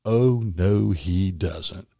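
A man, a former magician and comedian turned minister, tells his faith story as an interview guest, animated and acting out the voices of others. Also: sits low, drawn-out words, creaky, no room sound, clean studio sound. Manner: animated storyteller who acts out quotes. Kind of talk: personal faith testimony in conversation.

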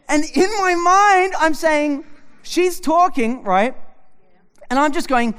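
A man with a fairly high voice preaches a comic sermon in a church. He tells stories animatedly, acting out both sides of each conversation. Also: slow pace, a bit bright. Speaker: pastor. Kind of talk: humorous sermon.

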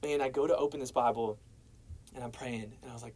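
A young guest relays his personal faith testimony in a relaxed, storytelling manner, peppering it with "man" and "bro". He's a fast talker with a mid-range, slightly mellow voice and fairly even intonation. There's slight background noise, and the audio is poor.

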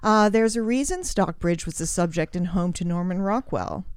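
A woman's voice: lowish voice, lively intonation, moderate pace, clean tone, dry recording, studio quality. A woman with a Southern US accent, chatting on a talk show and telling stories with wry asides and small restarts. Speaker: co-host. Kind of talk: casual chat.

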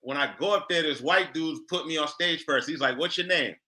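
A man's voice: fairly high pitch, fairly quick, pushed and bright. A man co-hosting a comedy podcast, telling stories in a brash, profane way. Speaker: comedian co-host. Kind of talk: casual comedic banter.

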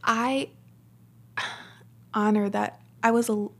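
Woman podcast host, earnest and emphatic, gravelly fry in her voice, says mm-hmm a lot. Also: fairly high pitch, steady tone, takes it slowly. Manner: earnest, emphatic, lots of warm affirmations. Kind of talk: casual conversation.

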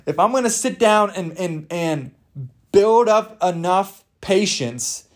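A man's voice: sits high, lively intonation, takes it slowly. A young man hosting a podcast, ranting in a rambling, jokey, over-the-top way and swearing freely. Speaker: podcast host. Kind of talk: casual comedic rant.

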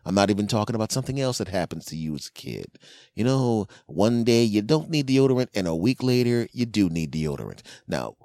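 A man hosting a podcast, telling rambling, animated comic stories with crude jokes into a close microphone. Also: on the low side, brisk, no echo. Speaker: podcast host. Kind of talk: comedic monologue.

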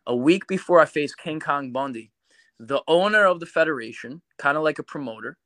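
Animated, bright-voiced storytelling man. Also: fairly high pitch, a little fast, dry recording. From New York. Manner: animated, swears a lot, acts out quoted voices. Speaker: podcast guest. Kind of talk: casual storytelling.

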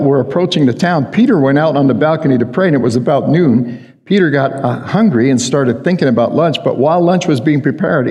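A pastor with a slightly high, somewhat mellow voice preaches a conversational sermon, often putting questions to the congregation. A long hall reverb surrounds the recording.

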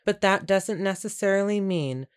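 A woman narrating a first-person period story in a measured, earnest, introspective way. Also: mid-range voice, clean tone. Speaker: audiobook narrator.

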